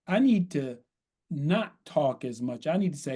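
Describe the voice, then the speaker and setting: A man, a consultant guest on a podcast, explaining in a measured way and often checking in with "right?". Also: fairly high pitch, expressive, mellow. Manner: measured, repeats "right?", acts out sample dialogue. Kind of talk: podcast interview, coaching explanation.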